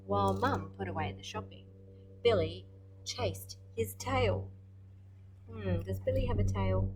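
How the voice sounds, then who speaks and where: An Australian woman storyteller reads a picture book to children at a medium pitch, expressively pausing to comment and ask the listener questions. Soft music plays behind her on a low-quality recording.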